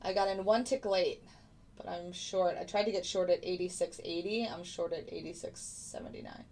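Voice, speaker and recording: A woman's voice: lowish voice, fairly even intonation, moderate pace, creaky, darkish tone, slight background noise. A woman hosting a live trading stream, chatting casually and answering viewers by name. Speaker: livestream host. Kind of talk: casual livestream chat.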